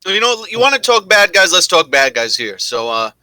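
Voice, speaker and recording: A male co-host of a podcast, talking loosely and profanely with a very bright, sharp-edged voice. He sits a touch high in pitch, and his sound is dry. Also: sing-song, a little fast, no room sound. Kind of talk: casual podcast chat.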